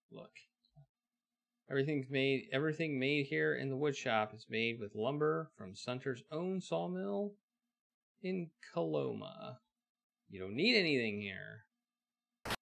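Slow, gravelly man streaming a game. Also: mid-range voice, slight background noise. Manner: wry, reads game text aloud and remarks on it. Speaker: streamer playing a video game. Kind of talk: live let's-play commentary.

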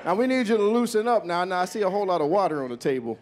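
A man's voice: sits high, very animated, rapid-fire, darkish tone. A man on a jazz club stage, leading the audience in a call-and-response with playful, folksy banter and short sung snippets. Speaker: bandleader leading audience participation. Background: live jazz band.

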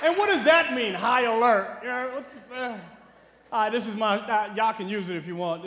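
A brash, high-voiced man with a New York accent rattles through a profane stand-up set. He drops to a mutter, then bursts into shouts. The sound is echoey, from a big hall with a crowd behind him. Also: fairly quick, a little hiss or hum. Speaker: stand-up comedian. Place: large comedy venue with a live audience.

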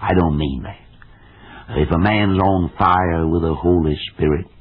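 A man's voice: sits low, fairly even intonation, takes it slowly, husky. An older man with a Southern American accent preaching a radio sermon in a folksy, emphatic way, with plain homespun examples. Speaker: evangelist preacher. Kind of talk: old-time radio sermon. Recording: tinny, lo-fi vintage radio recording.

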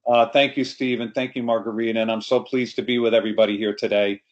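A man's voice: mid-range voice, little pitch movement, fast talker, muffled recording. A middle-aged storyteller tells a family tale in an easy, anecdotal way. He speaks to a group over a video call, as he would to a live audience. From New York.

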